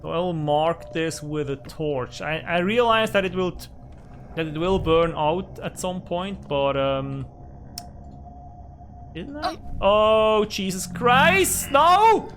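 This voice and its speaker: A man's voice: fairly high pitch, unhurried, a little hiss or hum. Frustrated man narrating a survival game. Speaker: gaming channel host. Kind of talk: let's play commentary. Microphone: desk microphone.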